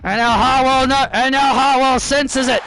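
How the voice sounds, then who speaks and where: High, bright-voiced excited male commentator. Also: normal speed, slight background noise, low-quality recording. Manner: repeats and restarts phrases, shouts at big moments. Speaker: YouTuber commentating a wrestling video game.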